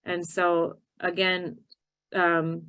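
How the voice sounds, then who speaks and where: A woman with a Minnesotan accent, giving a teacher training session and explaining her methods, slowing down to stress key words. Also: fairly low pitch, monotone, fairly bright tone, clear, resonant tone, rough recording.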